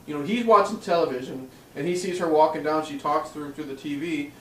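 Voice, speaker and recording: A man's voice: on the high side, brisk, a bit bright, roomy sound, recorded from a distance, a little hiss or hum, rough recording. A man chatting casually while reviewing a movie, laughing often as he recaps scenes. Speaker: co-host.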